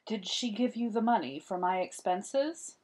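A woman's voice: mid-range voice, lively intonation, unhurried, darkish tone. A woman reading the part of a worried, poor medieval painter father in a storybook read-aloud. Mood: anxious.

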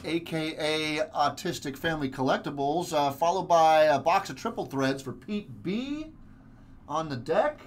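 A man's voice: fairly high pitch, animated, measured pace. A man hosting a live card-break stream, giving chatty, upbeat commentary as he opens packs. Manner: chatty, upbeat, many fillers.

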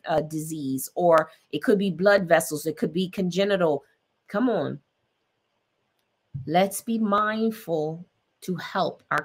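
A woman's voice: on the low side, fairly bright tone. Earnest woman hosting a health podcast. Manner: earnest, repetitive, speaks straight to listeners. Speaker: podcast host. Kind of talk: encouraging health talk.

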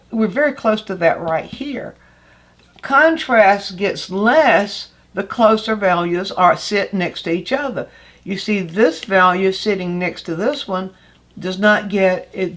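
An older woman teaches art in a patient, explanatory way. Her voice sits at a middle pitch, and she often restarts a phrase before finishing it. She keeps pointing out details as she goes. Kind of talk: art lesson explaining a painting.

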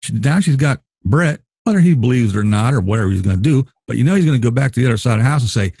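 A man talking through a casual show recap with a lively, swooping delivery. His voice is husky and a little rough, and the room sounds dry. He slips into other people's voices to act out what they said. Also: medium pitch, racing, hardly any pauses, no echo. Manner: animated, acts out houseguests' lines. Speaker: show host. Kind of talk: casual commentary chat.

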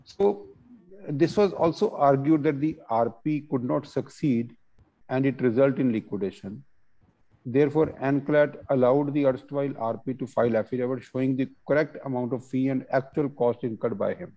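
A man walks listeners through legal rulings in a webinar, often pausing with fillers as he reads out and explains case text. His voice is mellow and middle-pitched, and the call audio sounds dull and lo-fi. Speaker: webinar presenter.

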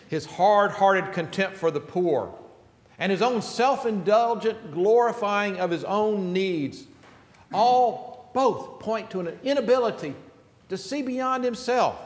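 Man preaching in an echoing sanctuary. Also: high-pitched. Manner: earnest, emphatic preaching. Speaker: pastor. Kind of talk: sermon. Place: church sanctuary. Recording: reverberant church sanctuary.

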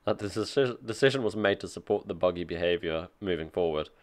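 A man with a low voice reads a technical article aloud and reacts as he goes. His remarks are casual and dry, mixing quick asides with plain reading. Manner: reads aloud and comments offhandedly, dry jokes. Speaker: tech streamer reacting to an article.

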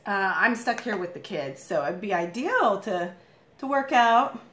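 A woman in her thirties doing a casual live makeup tutorial at home, chatty and rambling, with a morning voice and frequent throat-clearing. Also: mid-range voice, lively intonation, unhurried, a bit bright, reverberant. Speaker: makeup vlogger, live stream host.

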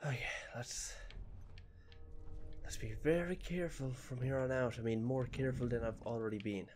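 A man's voice: medium pitch, moderate pace, a little mellow, faint music behind. A man giving casual, jokey let's-play commentary into a desk microphone at home, reacting to the game and dropping to whispers while sneaking. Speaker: gameplay commentator.

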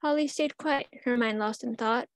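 A woman reading her own rhymed story aloud at a student symposium in measured verse. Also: on the high side, no room sound. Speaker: student reader.

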